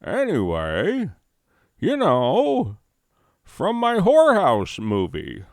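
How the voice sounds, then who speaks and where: A man's voice: fairly high pitch, huge pitch swings, drawn-out words, no echo, clean studio sound, pitched above the performer's own voice, heavily acted. A man putting on the voice of a flustered old-time frontier man who stammers and hollers. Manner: stuttering, hollering.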